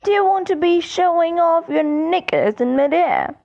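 A woman's voice: extremely high pitch, animated, normal speed, vocal fry, muffled recording, voice pushed up, heavily acted. A woman doing a sneering, drawling schoolboy bully. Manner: lazy, drawling, malicious. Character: sneering smug teenage boy wizard.

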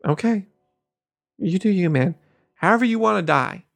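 A man's voice: sits high, expressive, normal speed, gravelly, dry recording. A man in his thirties co-hosting a casual podcast, saying "like" a lot. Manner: fills his speech with "like". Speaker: podcast co-host.

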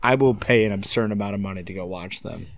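A young man chats casually in a laid-back way. His voice is low, and he reacts quickly and swears often. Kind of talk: casual chat.

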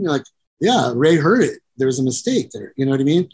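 A man's voice: a little high, very animated, fast, a little mellow, husky. Profane rambling middle-aged man storyteller. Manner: rambling and profane, acts out voices, keeps saying "you know". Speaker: guest musician and producer. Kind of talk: casual storytelling interview.

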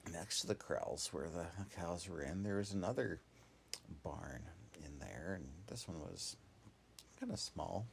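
A man's voice: low-pitched, animated, unhurried, vocal fry, a little hiss or hum. A man telling an improvised children's story in a meandering, casual way, with many asides and fillers.

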